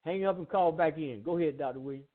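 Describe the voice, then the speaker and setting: A man hosting a call-in show, telling a story in a lively, animated way and acting out the voices in it. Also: on the high side, quick pace. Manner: animated storyteller, acts out quotes, laughs often. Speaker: host. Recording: tinny phone line.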